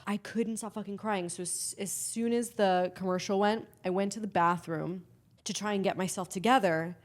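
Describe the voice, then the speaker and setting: A woman's voice: mid-range voice, steady tone, normal speed. A woman telling a story in casual podcast chat, with many restarts and free swearing. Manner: swears freely. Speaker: guest.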